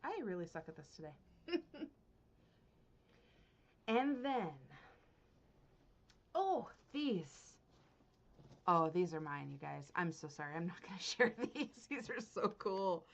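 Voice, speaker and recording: A woman hosting a knitting podcast, chatting casually to her viewers, excitable and gushing, laughing often and swinging between hushed and loud. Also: fairly low pitch, normal speed, creaky. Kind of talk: casual unboxing chat to viewers.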